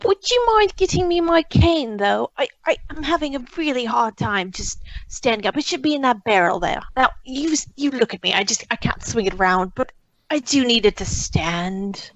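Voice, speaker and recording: A woman's voice: fairly high pitch, lively intonation, normal speed, lo-fi sound. A woman voicing a frail elderly woman with a cane who talks in a sugary, wheedling way. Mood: coaxing. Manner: sugary and wheedling, says dearie.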